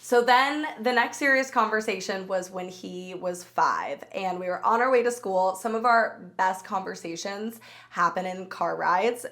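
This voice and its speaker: A woman in her thirties hosting a podcast, telling personal stories in an animated, chatty way and laughing as she goes. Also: on the low side. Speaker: podcast host. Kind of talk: solo storytelling podcast.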